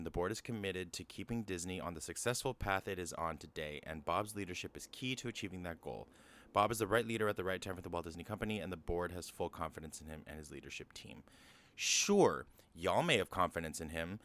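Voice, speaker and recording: A man hosting casual news commentary, chatty, full of fillers and quick to curse. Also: low-pitched, animated, a bit bright. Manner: casual and ranting, with frequent fillers and swearing. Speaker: podcast host.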